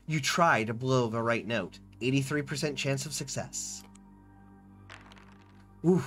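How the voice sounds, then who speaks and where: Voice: mid-range voice, fairly bright tone, soft background music. A game streamer reading a fantasy video game's narration aloud dramatically and chatting casually about the choices between passages. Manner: reads narration dramatically, then chats quickly about choices.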